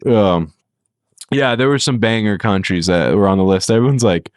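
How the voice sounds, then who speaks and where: A man's voice: lowish voice, moderate pace, no room sound, clean studio sound. A young man co-hosting a podcast in casual chat, laughing often and slipping into mocking impressions. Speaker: podcast co-host.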